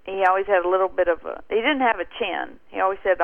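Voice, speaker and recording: A woman tells a story with lively, animated energy as a guest on a call. Her voice has a gravelly edge and sounds close and dry. The sound comes through a tinny phone line. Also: medium pitch, fast talker, no echo. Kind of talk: casual storytelling over the phone.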